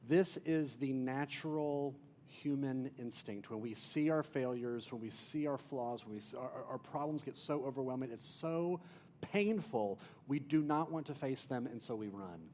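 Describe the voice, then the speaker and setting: A man pastor preaching a sermon as an emphatic storyteller, swinging from loud to near-hushed. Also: medium pitch, moderate pace, a little hiss or hum. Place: church.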